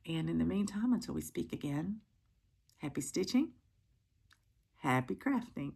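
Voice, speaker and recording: A middle-aged woman talks through her day in an easygoing, chatty way, pausing often with ums. Her voice sits a little low, with a gravelly, husky edge. It sounds like a relaxed home vlog. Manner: chatty, many ums and pauses. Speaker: cross-stitch vlogger. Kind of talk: casual chat to camera.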